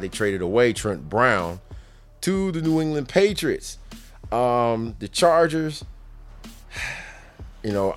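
Low-voiced man riffing on sports news. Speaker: sports commentator. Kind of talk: casual sports commentary.

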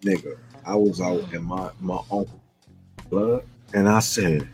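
A man co-hosting a podcast in casual chat, excitable as he tells stories. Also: sits low, a little slow, soft background music. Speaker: podcast co-host.

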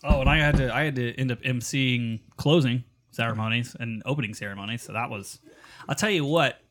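A man's voice: mid-range voice, brisk, background noise. Guy hosting a chatty podcast, swears a lot, laughs thru his stories. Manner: profane, laughing storyteller. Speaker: podcast host and festival board member. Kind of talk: casual chat.

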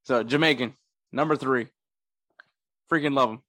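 A man's voice: medium pitch, normal speed, no room sound, studio quality. A young man co-hosting a casual podcast chat, joking around and laughing often. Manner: laughs often, jokey and animated. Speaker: podcast co-host.

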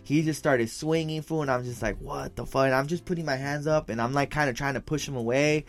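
Fast-talking young man telling a story. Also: a little high. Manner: slangy and profane, mixes in Spanish phrases, says "fool" often. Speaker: podcast co-host telling a story. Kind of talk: casual storytelling chat.

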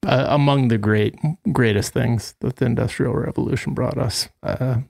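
A man co-hosting a podcast, laid-back and quick to laugh. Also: mid-range voice, steady tone, creaky, darkish tone. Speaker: podcast co-host. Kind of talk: casual chat.

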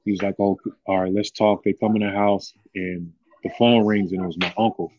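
A man's voice: low voice, flat delivery, moderate pace, a little mellow, dull audio. A man, a former college basketball player, telling his story in a loose, heartfelt way, full of "you know" fillers. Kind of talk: casual interview storytelling.

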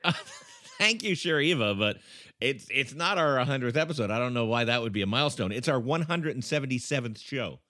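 A man's voice: mid-range voice, lively intonation, brisk, sharp tone. A man co-hosting a comedy podcast, wry and bemused. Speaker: podcast co-host.

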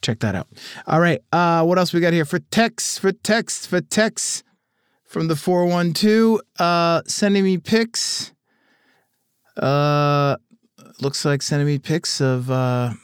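A man's voice: a little high, a little slow, clear, resonant tone, no echo. Casual male podcast host. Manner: casual, swears freely, reads texts aloud with dry asides. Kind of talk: casual listener-mail segment.

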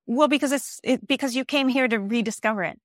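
A woman's voice: fairly high pitch, fast talker, dry recording, clean studio sound. A woman who is a life coach and author, speaking as an interview guest with emphatic repeated phrases and frequent restarts. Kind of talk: interview guest explaining ideas.

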